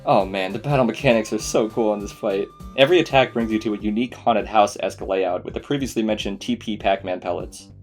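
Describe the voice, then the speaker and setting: A man's voice: medium pitch, a little mellow. A man narrating a casual game review voice-over, enthusiastic and swearing freely. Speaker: video essay host.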